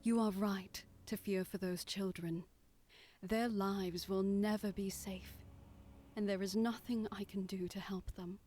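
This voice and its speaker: Woman whispering a slow motherly goddess. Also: mid-range voice, steady tone, slight background noise, voice pushed up, lightly acted. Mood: persuasive. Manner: hushed, slow, soothing. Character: gentle motherly goddess, soft and cold. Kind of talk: whispered role-play.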